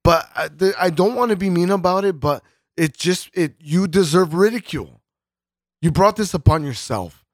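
A man's voice: high voice, lively intonation, normal speed, dry recording, studio quality. Foul-mouthed rambling podcast man. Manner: profane, rambling, full of fillers and restarts. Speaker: podcast co-host. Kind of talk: casual podcast chat.

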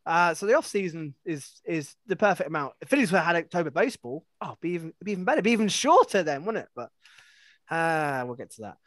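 A man's voice: a little high, expressive, quick pace, a bit bright, dry recording. A man, co-hosting a podcast in casual, rambling, self-mocking chat. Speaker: podcast co-host.

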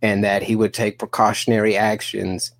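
A man in his thirties telling a story on a podcast, animated and profane, acting out both sides of an argument in quoted dialogue. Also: fairly low pitch, normal speed. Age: 30s. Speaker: podcast guest.

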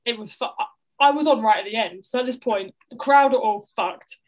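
A young woman from the south of England, telling a stand-up comedy story over a video call in a rapid, laughing, sweary style. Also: on the high side, poor audio. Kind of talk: casual storytelling chat.

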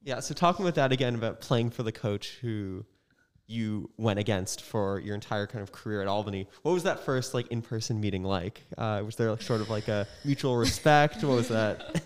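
A man's voice: on the low side, lively intonation, a little fast, clean tone. A man interviewing athletes, asking his questions hesitantly and searching for words. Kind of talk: casual interview.

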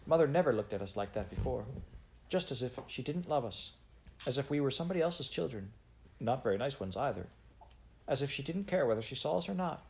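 A man's voice: medium pitch, expressive, fairly quick, creaky, a little mellow, pitched above the performer's own voice. A man reading aloud, voicing a sensitive young girl who sounds wounded and plaintive. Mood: hurt.

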